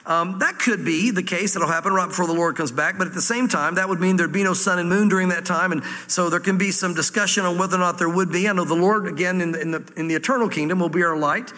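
Bright high Southern preacher in a hall. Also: male voice, fast, few pauses. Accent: Southern American. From Southwest Virginia, US. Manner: reads scripture aloud then explains it, with folksy asides. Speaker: pastor. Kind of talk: verse-by-verse sermon. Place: church room with audience.

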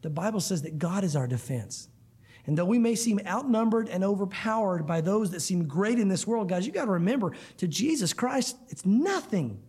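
A man's voice: sits high, animated, moderate pace, darkish tone, husky. A man preaching a sermon to a room of listeners, earnest and emphatic, often calling them guys. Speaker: pastor. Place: church room.

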